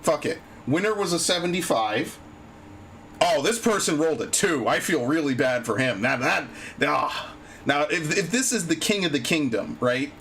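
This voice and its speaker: Guy streaming a game, cursing, animated up-and-down voice, bit of faint noise in the background. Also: on the high side, normal speed. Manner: frustrated, swears a lot. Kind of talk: casual live-stream chat while gaming.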